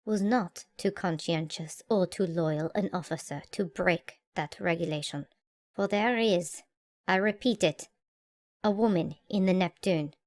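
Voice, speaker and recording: A woman voicing a pale, distressed middle-aged male mayor in an audiobook, speaking low and pleading. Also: fairly quick, darkish tone, lightly acted. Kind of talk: audiobook character voice.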